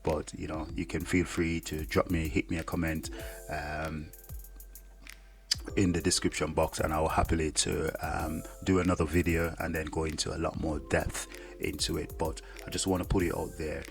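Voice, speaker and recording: A man's voice: very deep voice, flat delivery, normal speed, gravelly, soft background music. A man who is a soldier, talking casually to the camera in a rambling way, with lots of "yeah" fillers. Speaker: soldier and vlogger.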